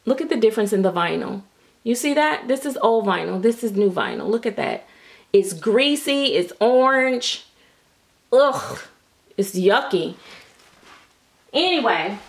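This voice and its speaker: A woman reviewing doll kits in a casual vlog, gushing with frequent excited exclamations and using Southern vernacular like "y'all". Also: a little high, measured pace, long pauses. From United States.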